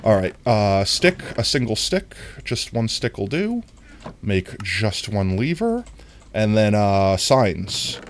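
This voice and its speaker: Lively, low-voiced nasal male streamer. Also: slow, a little hiss or hum. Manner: chatty, talks to viewers while playing. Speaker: livestreamer. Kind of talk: casual game-stream chat.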